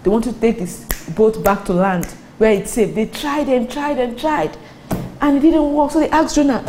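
Female preacher, warm mellow tone, animated sermon storytelling, light background hiss. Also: moderate pace, poor audio. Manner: animated storytelling, acts out quotes with rising pitch.

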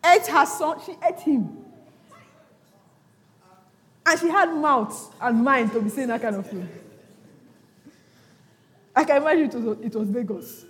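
A woman pastor preaching a sermon, acting out the scripture's voices with sudden shouts and laughter. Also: high voice, moderate pace, pauses often. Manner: animated, acts out quotes with sudden shouts and laughter. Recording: long hall reverb.

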